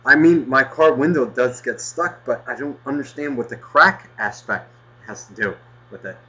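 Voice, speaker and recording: A man rambles through a casual podcast with a bright, forceful edge, cursing freely and working himself into mock rants. The recording is dull and lo-fi, like a home setup. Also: medium pitch, normal speed. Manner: rambling, swears often, flares into mock anger. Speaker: podcast host.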